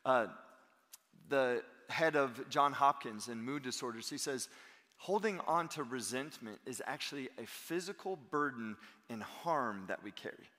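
A man in his thirties, a pastor preaching a sermon in animated storytelling style. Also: mid-range voice, unhurried, in a large hall. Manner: animated storytelling, acting out quotes. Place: church sanctuary.

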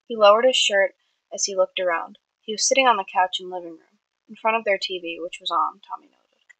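A woman's voice: mid-range voice, a bit bright, no echo, low-quality recording. A woman reading her own story aloud in a plain way, with small slips that she corrects. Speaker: fiction reader.

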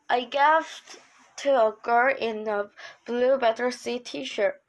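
Female reader, children's novel read aloud, slow pace, occasional slips. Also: on the high side, poor audio. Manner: stumbling reading with slips and restarts. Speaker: book reader.

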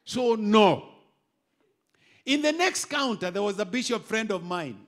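A middle-aged Kenyan bishop preaching an animated sermon, moving from quiet asides to loud exhortation. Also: male voice, high voice, fairly quick. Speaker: bishop and pastor.

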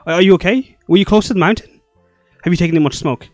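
An anxious, doting old mother, tearful and fussing over her child, stammering as she frets. Her voice sits a little higher than usual and comes out loud and pressed with worry, as a man puts her on. Faint music plays behind her. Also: fast talker, no echo, studio quality, natural voice. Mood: worried. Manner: stammering, fretful and tender.

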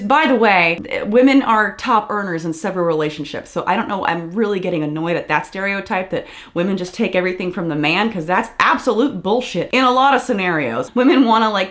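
A woman vlogger ranting in angry, exasperated commentary, swearing often. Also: mid-range voice.

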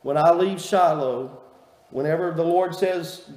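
Folksy pastor in an echoey church. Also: male voice, a little high, unhurried. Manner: folksy storytelling, warm and earnest. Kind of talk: sermon. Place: church sanctuary. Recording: echoey church hall reverb.

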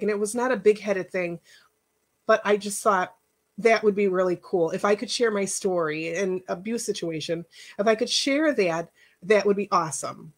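A woman's voice: mid-range voice, moderate pace. A middle-aged woman life coach giving a casual workshop talk, earnest and emotional, chatty with many asides. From Northwest Indiana, United States.

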